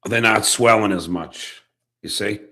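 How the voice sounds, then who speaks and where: Gravelly, brash male live streamer. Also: on the low side, sharp tone. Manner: brash, taunting, drawn-out phrasing. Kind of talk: rambling live stream talk.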